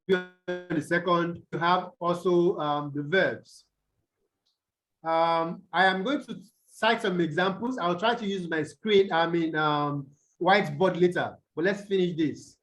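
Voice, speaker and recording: A Nigerian man with a high, slightly bright voice teaches an online English tutorial on stress rules over a video call, and the recording is rough. He asks the class questions and keeps checking in with "okay?" and "the what?"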